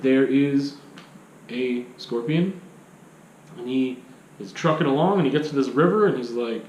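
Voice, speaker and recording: A man's voice: mid-range voice, measured pace, pauses often, a little mellow, reverberant, slight background noise, poor audio. Rambling man reviewing a film. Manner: rambling, many restarts and rhetorical questions.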